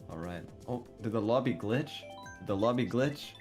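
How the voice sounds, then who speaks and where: Giggly, animated male gamer. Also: lowish voice, over music. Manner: animated, giggly, quick reactions. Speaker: guest streamer. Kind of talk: casual chat while gaming.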